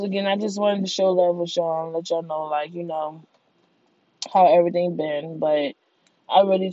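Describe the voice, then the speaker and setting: A woman's voice: medium pitch, a little mellow, no echo. A woman chats through a casual solo podcast, slangy and loose, circling back over her points. Her voice sits mid-range and is recorded dry, with a slightly dull, muffled top end. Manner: loose, slangy and repetitive, with lots of "like". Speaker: podcast host.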